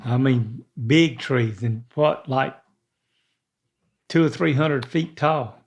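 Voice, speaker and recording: An older man, chatting as a podcast host, folksy and slow, stumbling over words. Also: mid-range voice. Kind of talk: casual chat. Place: indoor studio.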